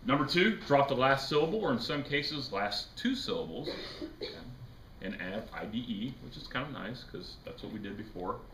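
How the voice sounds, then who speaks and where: A man's voice: mid-range voice, animated, moderate pace, a bit bright. A man teaching a chemistry class, lecturing casually, joking and quizzing his students. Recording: echoey classroom with faint noise.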